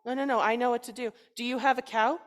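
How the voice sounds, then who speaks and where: Woman as a calm, knowing rabbi. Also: on the high side, fast talker, close to an everyday voice. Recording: long reverb in a large hall.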